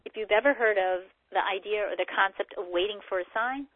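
Animated woman on a tinny line. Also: medium pitch, fairly quick, no echo. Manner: animated, acts out quoted dialogue. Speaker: teacher of a personality system. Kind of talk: casual explanatory talk with acted-out examples. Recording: tinny phone-like recording, dry.

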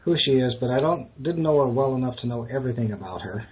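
A man's voice: mid-range voice, animated, fast, breathy edge. A man calling in to a seminar over an online call, speaking hesitantly and measuredly. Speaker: caller. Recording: tinny online-call audio.

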